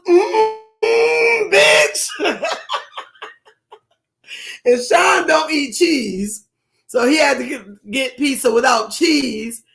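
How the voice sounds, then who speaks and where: A woman co-hosting a podcast with a raspy voice, talking loud and playful in casual chat. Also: sits high. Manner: loud and playful, drawn-out hums. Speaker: podcast co-host.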